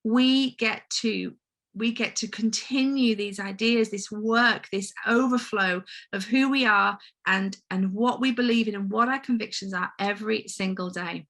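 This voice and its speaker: A woman's voice: medium pitch, unhurried, a bit bright. A woman giving a personal conference talk as a home-educating mother, speaking earnestly and heartfeltly and addressing the audience directly.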